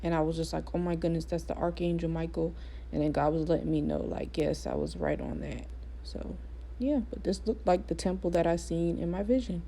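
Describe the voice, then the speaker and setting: A woman telling a personal spiritual story in a casual, animated way, laughing often and repeating herself as she talks. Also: fairly low pitch, a little fast, creaky, slight background noise. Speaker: vlogger sharing spiritual experiences.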